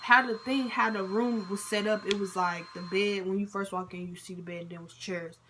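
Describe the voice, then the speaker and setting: A young woman talks through a personal story in a loose, chatty vlog style, leaning on filler words and slipping into the voices of the people in it. Her pitch sits in an ordinary middle range, and a faint hiss of background noise runs under her voice. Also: fairly even intonation, moderate pace. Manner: chatty, lots of fillers and quoted dialogue.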